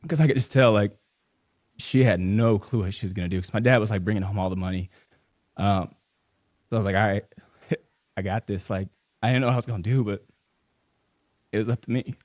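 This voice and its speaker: A man's voice: lowish voice, fairly quick, long pauses, a little mellow, dry recording, studio quality. A man speaking as a podcast guest in a casual interview, rambling loosely with lots of fillers and restarts. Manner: emotional, holding back tears. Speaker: podcast guest, business founder.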